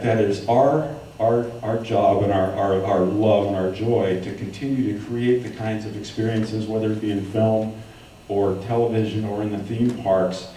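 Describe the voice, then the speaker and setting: An earnest man answers a panel question, halting and restarting as he goes. His voice is low and mellow. He is heard from afar in a very echoey hall with faint noise. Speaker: panel guest, imagineer. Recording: very echoey hall, far from mic.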